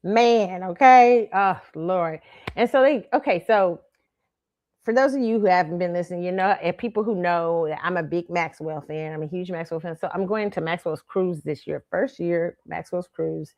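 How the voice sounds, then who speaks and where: A woman's voice: lowish voice, normal speed, a little mellow, no room sound, dull audio. Chatty woman hosting her own show. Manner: chatty, laughs often between phrases. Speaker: host. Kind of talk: casual chat.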